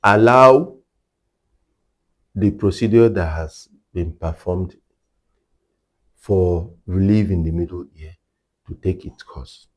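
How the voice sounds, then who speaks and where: A man's voice: deep voice, slow, long pauses. A man working as a hearing care clinician, explaining in an interview and repeating his key points for emphasis.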